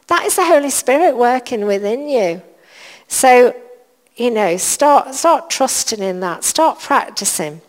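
Slow-speaking woman preaching in a reverberant church. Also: a little high, lively intonation. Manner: earnest, repeats short phrases for emphasis. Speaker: church leader. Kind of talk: sermon. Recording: long reverb of a church hall.

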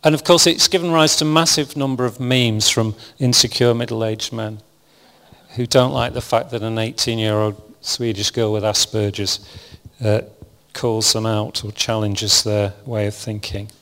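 A man preaching a sermon in a measured, reflective, conversational way. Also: on the low side, steady tone, a bit bright, long reverb tail.

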